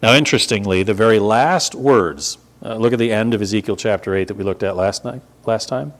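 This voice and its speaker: A man's voice: fairly low pitch, fairly quick. A man, preaching a conversational sermon with emphatic repetition. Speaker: pastor.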